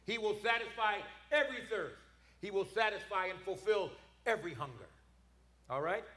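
A man's voice: high voice, sharp tone, echoey room. A man preaching a sermon, emphatic, repeating words and calling for responses from the congregation.

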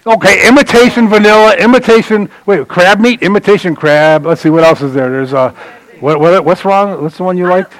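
Animated, chatty male preacher. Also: high voice, brisk, low-quality recording. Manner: conversational and digressive, banters with the congregation; animated, swings between loud emphasis and dropped asides. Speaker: pastor. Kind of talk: sermon.

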